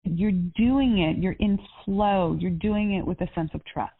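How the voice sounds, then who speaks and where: A woman's voice: mid-range voice, measured pace, slightly rough. Upbeat woman coach over a phone line. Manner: upbeat, encouraging, spiritual. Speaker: life coach. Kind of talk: coaching call. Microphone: phone or call line. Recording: tinny phone-line audio.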